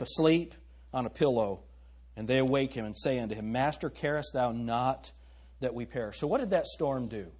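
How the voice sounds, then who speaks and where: Pastor, middle-aged man, husky and lively, emphatic sermon with questions to the congregation. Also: mid-range voice.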